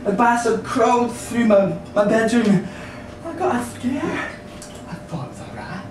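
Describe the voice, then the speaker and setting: A performer playing an excitable young man who tells a rude tale while giggling and shrieking. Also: mid-range voice, measured pace, distant mic. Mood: giggly. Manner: giggling, shrieking, breathless storytelling. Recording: echoey room from afar, hissy.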